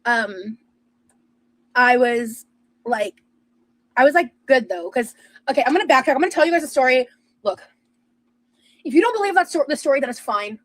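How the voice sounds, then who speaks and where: A woman's voice: sits high, expressive, moderate pace, pauses often, dry recording, poor audio. A young woman telling a rambling personal story in casual chat, with lots of fillers and restarts. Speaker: streamer and podcast host.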